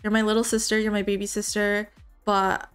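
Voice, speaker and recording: A woman's voice: medium pitch, monotone, a little fast, clear, resonant tone, soft background music, natural voice. Stern young big brother in a life-sim game, lecturing and worried; a woman voices him. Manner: worried, lectures his sister.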